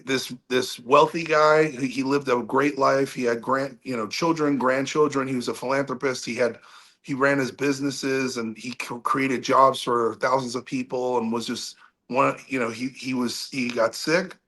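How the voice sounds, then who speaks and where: A man who is a rock singer and guest on a podcast, telling a long story in a casual, animated way with many restarts. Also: medium pitch, moderate pace.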